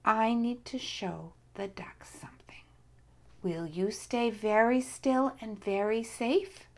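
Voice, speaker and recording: A woman voicing a brave, playful female cat in a children's story, speaking calmly and firmly. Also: on the high side, takes it slowly. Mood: caring.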